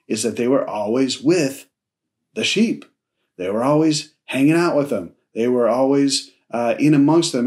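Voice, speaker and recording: This is a man giving a church sermon at an unhurried pace, his pitch sitting in an ordinary middle range. He tells the story casually, with friendly slang, and briefly acts out both sides of a conversation. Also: darkish tone. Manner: acts out dialogue in his telling. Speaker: pastor.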